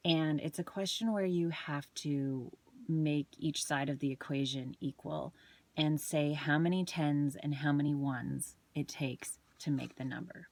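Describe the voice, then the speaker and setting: A woman's voice: sits low, fairly even intonation, measured pace, darkish tone, no room sound. A woman, a parent and wellness coach, chatting casually and telling a story, with some restarts and ums. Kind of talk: casual chat to camera.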